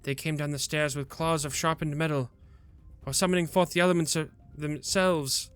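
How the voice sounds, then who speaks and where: An anguished old grandmother dragon, put on by a man, wails over her lost brood. The voice sits a touch high, and it stays smooth and resonant throughout. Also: steady tone, normal speed, fairly bright tone, soft background music, lightly acted. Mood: grieving. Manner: wailing, lamenting. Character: grieving old mother dragon, female, anguished.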